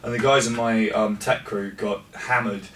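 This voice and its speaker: A man chatting as an interview guest, quick to laugh and poking fun at himself, recorded backstage at a concert venue. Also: on the low side, steady tone, a bit bright. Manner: chatty, laughs often, self-deprecating. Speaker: musician guest. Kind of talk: casual interview chat. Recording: roomy, distant mic with faint noise.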